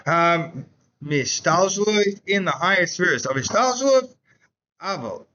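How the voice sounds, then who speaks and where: A man teaching a Chassidus class in a casual, animated storytelling way, saying "like" often. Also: high-pitched, slow, muffled recording, slight background noise. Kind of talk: Torah class lecture with storytelling.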